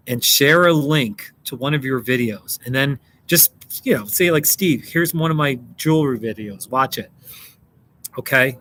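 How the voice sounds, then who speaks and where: A man's voice: a little high, a bit bright, a little hiss or hum. An American man hosting a casual livestream, chatting with viewers by name and laughing often. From United States. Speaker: livestream host. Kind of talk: casual livestream chat reading viewer comments. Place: home in Colorado.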